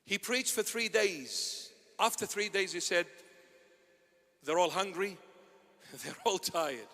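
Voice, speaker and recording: A man, a bishop, preaching an impassioned sermon that swings between loud and hushed. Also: high voice, animated, slow. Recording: long hall reverb.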